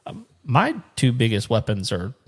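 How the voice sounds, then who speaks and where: Man, podcast co-host, animated storyteller, mid-pitched voice, casual. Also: moderate pace, slightly rough. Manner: animated storyteller, acts out both sides of a phone call; laughs often while telling stories. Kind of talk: casual chat.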